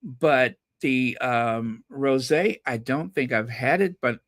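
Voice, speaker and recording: A man's voice: medium pitch, slow pace, a bit bright, no room sound, studio quality. A man hosting a casual solo gossip vlog, chatting to viewers in a rambling way and repeating words for emphasis. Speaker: royal gossip channel host.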